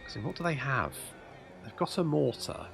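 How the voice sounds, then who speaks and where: A man's voice: medium pitch, sing-song, normal speed, creaky, music in the background. A man commentating his own strategy game play, thinking aloud and muttering asides as he goes. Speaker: gameplay commentator.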